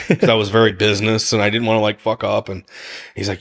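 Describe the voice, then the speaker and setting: Man, low voice, casual podcast guest, animated storytelling, laughs easily. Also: a little fast. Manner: animated, laughs often, acts out quotes. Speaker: guest, fighters' chef.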